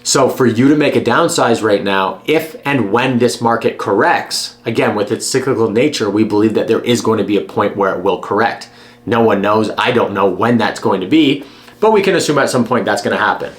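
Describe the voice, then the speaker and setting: A man's voice: lowish voice, brisk. Blunt, emphatic man giving advice. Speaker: real estate agent. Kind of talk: direct-to-camera advice vlog.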